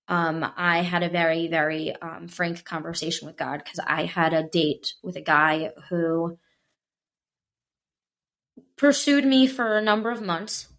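A woman's voice: on the low side, fairly even intonation, unhurried, a bit bright. A woman telling a personal story in casual chat, acting out quoted voices with animation. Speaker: guest.

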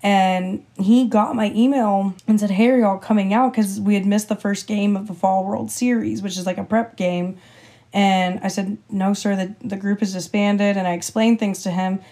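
Mellow-voiced woman telling lively stories. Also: mid-range voice, normal speed. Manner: animated storyteller, acts out quotes with a lifted voice. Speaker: podcast co-host. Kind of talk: casual storytelling chat.

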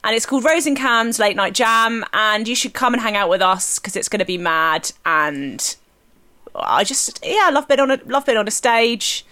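A woman's voice: a little high, lively intonation, moderate pace, bright, forceful tone. A woman in her thirties, co-hosting a podcast in a rambling, chatty way with many fillers. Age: 30s. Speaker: podcast co-host. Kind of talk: casual chat.

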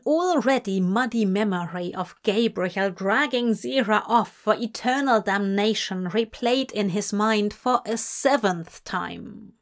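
Woman reading fanfic aloud, slow and measured, mid pitch. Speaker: fanfic audiobook reader. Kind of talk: scripted narration.

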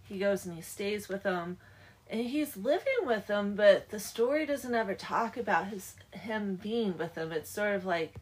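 A woman in a casual book discussion, agreeable and lively as she retells scenes. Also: medium pitch, moderate pace, poor audio.

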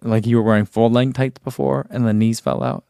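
A man's voice: medium pitch, fairly even intonation, a little fast, vocal fry, mellow, smooth, no room sound, studio quality. A man reviewing running gear in a casual live chat, musing aloud with fillers and reading out viewer comments.

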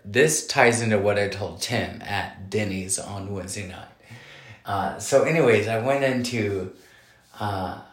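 A man in his thirties telling a story casually, animated and indignant, with many fillers. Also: fairly low pitch, echoey room. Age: 30s.

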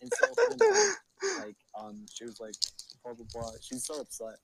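Young male podcast co-host with a light Spanish-tinged accent, mid-pitched voice, loose rambling storyteller. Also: wildly swooping pitch, normal speed, gravelly, rough recording. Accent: Spanish-tinged English. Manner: rambling, heavy use of "like" and fillers. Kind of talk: casual chat storytelling.

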